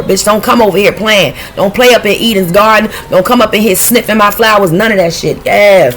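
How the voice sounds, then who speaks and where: A woman giving a casual intuitive tarot reading, blunt and profane, talking in a streetwise, animated way. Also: mid-range voice, brisk, few pauses. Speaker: tarot reader.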